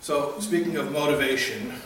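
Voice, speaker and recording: Speaking at a moderate pace in a voice on the high side, a man who might be a rabbi leads a relaxed Torah class on Jewish practice. He kicks off with a joke and keeps a conversational teaching tone. Background noise, hall echo, a distant mic and faint ambience fill out the recording.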